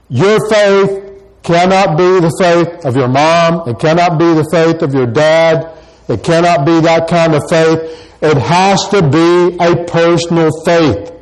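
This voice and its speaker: A man preaching a sermon, slow and deliberate, pausing to stress key words. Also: on the high side, rough recording. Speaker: pastor.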